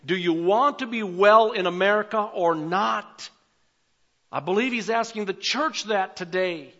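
An older man preaching a sermon as pastor, swinging between emphatic calls and quiet asides. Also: sits high, measured pace, dull audio.

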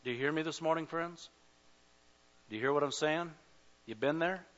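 A pastor preaching a sermon at a church service, passionate, swelling to loud cries and speaking straight to the congregation. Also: male voice, on the high side, normal speed. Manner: addresses the congregation directly. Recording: dull lo-fi recording.

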